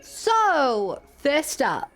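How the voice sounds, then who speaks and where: Woman streamer, game commentary, higher voice, soft music bed. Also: wildly swooping pitch, extremely slow. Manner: thinking aloud, musing, many "like"s.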